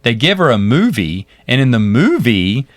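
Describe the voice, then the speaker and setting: A man co-hosting a podcast, retelling TV episodes in a rambling, animated way with laughs. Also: medium pitch, moderate pace, no echo. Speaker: podcast co-host. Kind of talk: casual chat recapping a TV series.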